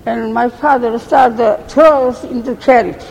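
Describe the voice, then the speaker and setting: Slow, gravelly older woman recalling the past. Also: on the high side, fairly even intonation, darkish tone, lo-fi sound. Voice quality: halting, broken English with many restarts. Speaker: survivor giving testimony. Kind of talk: oral history recollection. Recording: reverberant room, faint background noise.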